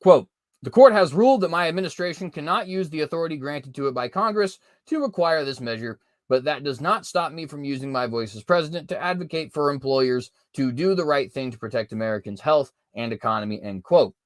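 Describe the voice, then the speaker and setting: A man's voice: a little high, expressive, a little fast, no room sound, studio quality. A man in his twenties hosting political commentary, reading news aloud with heavy sarcasm and sudden mocking outbursts. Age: 20s. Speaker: commentary host.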